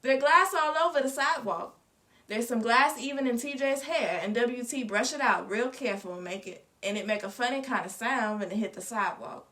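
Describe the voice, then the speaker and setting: A woman reading a storybook aloud with expressive, lively narration. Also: fairly high pitch, a little fast. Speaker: reader. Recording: distant mic.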